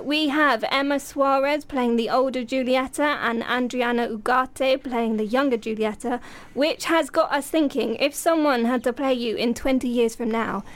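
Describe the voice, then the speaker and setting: A woman hosting a casual film podcast, bright and giggly. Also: on the high side. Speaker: podcast host.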